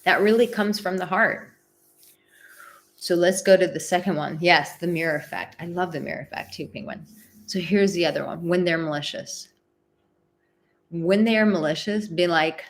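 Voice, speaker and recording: A woman's voice: deep voice, fairly even intonation, normal speed, vocal fry. A woman hosting a live advice talk, chatting casually with many "like" fillers and acting out example phrases. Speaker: relationship advice host.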